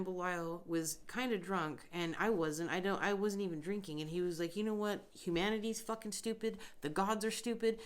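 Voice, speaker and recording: A woman hosting a podcast, talking bluntly and emphatically in a casual spiritual monologue, with frequent swearing. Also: medium pitch. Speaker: podcast host.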